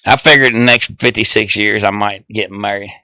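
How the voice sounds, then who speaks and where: A man's voice: on the low side, steady tone, a little fast, gravelly, sharp tone, no room sound. A man, a podcast guest telling crude stories in casual chat and laughing through them.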